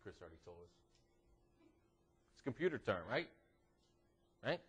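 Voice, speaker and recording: A man giving a youth devotional at church in an animated, joking way, teasing the teenagers in front of him. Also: on the low side, moderate pace, background noise. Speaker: youth minister. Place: church classroom.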